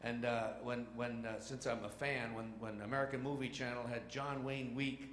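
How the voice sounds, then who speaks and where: A man's voice: medium pitch, fairly bright tone, slight background noise. A male stand-up comedian tells rambling, chatty stories and throws in sound effects. His mid-range voice rings through an echoey theater with a faint audience murmur. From New York. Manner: chatty, acts out voices and engine noises. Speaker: stage comedian. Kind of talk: stand-up storytelling. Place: theater stage.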